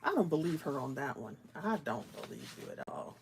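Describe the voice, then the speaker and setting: A woman's voice: very deep voice, sing-song, brisk, creaky, slight background noise. A woman hosting a live stream, chatting casually with viewers as she colors, laughing often and slipping into whispers while she works. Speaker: livestream host.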